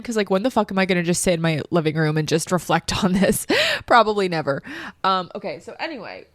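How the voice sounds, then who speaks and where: Talking a little fast with lively intonation and a fairly low pitch, a young woman podcast host recounts something personal from her living room. She's emotional, sometimes tearful, and leans heavily on "like" and other fillers. There's no echo in the recording.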